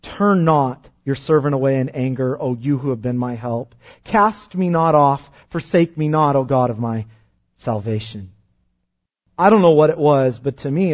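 A man preaching a sermon, rising loud and fervent when reading scripture and dropping to a soft, quiet tone when explaining it. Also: a little high, highs cut off. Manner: impassioned, swells loud on scripture then drops soft. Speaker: pastor.

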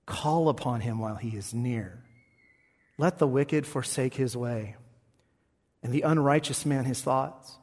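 Male pastor, husky voice, sermon, quiet then shouting, long church reverb. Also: medium pitch. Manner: swings from quiet to shouted preaching.

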